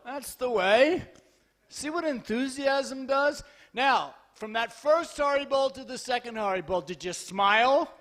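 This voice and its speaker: A man with a very high voice gives a lively sermon in a temple hall. He tells stories with humor and acts out the dialogue. Then he turns urgent and spurs his listeners to keep their enthusiasm. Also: a little slow, few pauses, some chatter behind, slight background noise. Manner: urgent and exhorting. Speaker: lecturer giving a scripture class.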